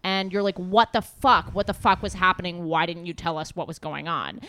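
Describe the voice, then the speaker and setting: A woman's voice: on the low side, fairly even intonation, normal speed, fairly bright tone, clean tone. A woman hosting a podcast in casual chat, candid and jokey with crude humor. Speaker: podcast host.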